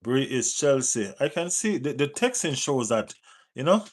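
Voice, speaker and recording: Jamaican-accented male streamer, mid-pitched, loose and chatty, reads chat and ribs viewers. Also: moderate pace. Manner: reads out and answers viewer chat, teases, urges likes; relaxed patois-tinged phrasing. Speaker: football livestream host. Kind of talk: casual live chat.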